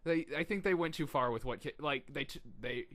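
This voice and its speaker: A young man co-hosting a podcast, chatting casually, laughing often and shouting out quoted lines. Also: on the high side, a little fast, no echo. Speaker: podcast co-host. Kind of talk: casual chat.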